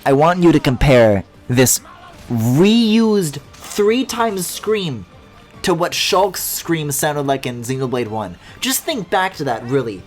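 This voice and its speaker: A man's voice: on the high side, very animated, slow pace. A man streaming a video game, giving sarcastic, rambling commentary full of swearing. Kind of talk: casual let's-play commentary. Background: faint game music.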